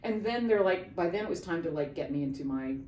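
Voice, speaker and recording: Middle-aged woman, opera singer guest, lively storyteller, lowish voice, roomy echo, mic set back. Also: fast talker. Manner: animated anecdote-telling, acting out quoted voices. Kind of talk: casual interview storytelling. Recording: roomy, distant mic, faint background noise.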